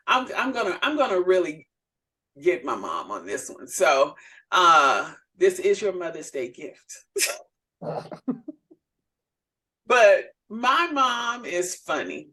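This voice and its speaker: A woman minister talks in a relaxed, unhurried way with a bright, forward tone. She tells family stories in casual chat and lifts into animated voices when she quotes people. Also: lowish voice. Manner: animated storyteller who acts out quoted voices. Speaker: minister and podcast co-host.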